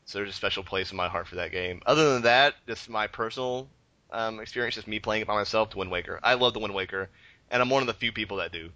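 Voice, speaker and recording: A man co-hosting a casual podcast chat, telling stories in a joking, animated way. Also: on the low side, fast talker, no echo, low-quality recording. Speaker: podcast co-host.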